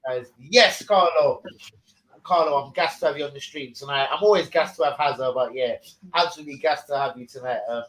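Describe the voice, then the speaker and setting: A man hosting a live stream, talking loudly and excitably and swearing a lot. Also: mid-range voice, a little fast. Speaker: stream host. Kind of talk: casual live stream chat. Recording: roomy echoey room.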